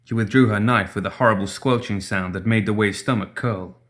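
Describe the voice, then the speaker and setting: A man narrates a story with a steady, measured delivery. His voice sits a bit lower than most. He reads each line at an even, composed pace. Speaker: audiobook narrator.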